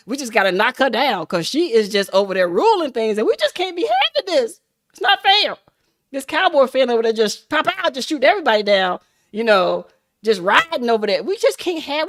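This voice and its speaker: A woman hosting a casual livestream, chatting and laughing with viewers in an animated, hyped-up way. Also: fairly high pitch. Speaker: livestream host.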